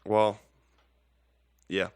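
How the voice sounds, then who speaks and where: A man's voice: very slow, darkish tone, no room sound, studio quality. A man hosting a casual podcast, rambling and joking, swearing freely. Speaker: podcast host.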